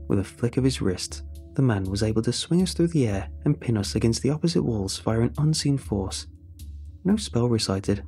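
A man's voice: lowish voice, dark tone. A man narrating a first-person horror story, giving the characters their own voices.

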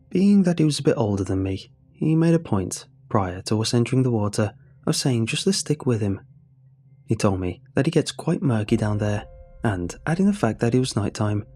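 A young man narrating a scripted horror story in a steady, measured way. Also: mid-range voice, husky. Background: faint music.

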